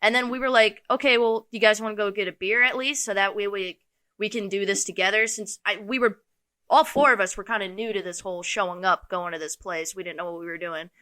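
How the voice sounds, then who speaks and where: A woman's voice: mid-range voice, fairly even intonation, brisk, pushed and bright, clear, resonant tone. A young woman co-hosting a podcast, telling a story in a casual chat and swearing freely. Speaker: podcast co-host.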